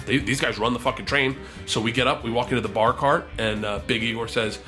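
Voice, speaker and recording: Animated, profane male storyteller. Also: mid-range voice, very fast, hardly any pauses, soft background music. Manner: animated, profane and breathless, acting out quotes. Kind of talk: comedic storytelling.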